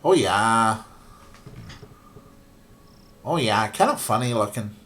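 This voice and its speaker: A man's voice: fairly low pitch, animated, slow pace, fairly bright tone. A man casually playing a point-and-click game, reading its text aloud with wry, self-mocking remarks. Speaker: let's play streamer.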